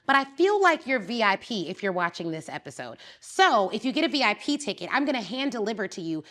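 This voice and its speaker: A woman hosting a business podcast at a mid pitch. She asks her guest questions with short affirmations and delivers an upbeat promotional read. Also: very animated, fast, a bit bright. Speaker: podcast host, business coach. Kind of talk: conversational interview and ad read.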